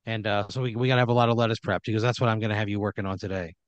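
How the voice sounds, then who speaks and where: A man's voice: fairly low pitch, steady tone, rapid-fire, dry recording, lo-fi sound. Casual rambling male storyteller. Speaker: storyteller running the game. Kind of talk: improvised comedic horror narration.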